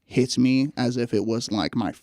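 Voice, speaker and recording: A man guesting on a talk show, chatting casually, quick with asides and laughter. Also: medium pitch, a little mellow, no echo, studio quality. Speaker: guest rapper. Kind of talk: casual chat.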